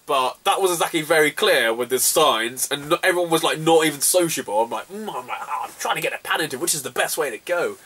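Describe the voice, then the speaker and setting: Brief: young man, chatty storyteller, bright forceful tone, a bit off-mic. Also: fairly high pitch, fast, hardly any pauses, slightly rough, far from the mic. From England, southwest. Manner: laughs often, swears freely, animated retelling. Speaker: retro gaming vlogger. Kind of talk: casual storytelling.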